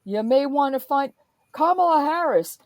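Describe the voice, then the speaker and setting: A woman's voice: high voice, expressive, normal speed, no echo. A woman in a profane, emphatic political rant, speaking as a podcast host.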